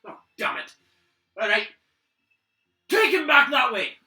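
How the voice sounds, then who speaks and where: A man voicing a harried, gruff male castle commander giving curt orders in a tabletop game. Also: sits low, steady tone, unhurried, pushed and bright, roomy sound, recorded from a distance, voice pushed down, exaggerated voice. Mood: exasperated.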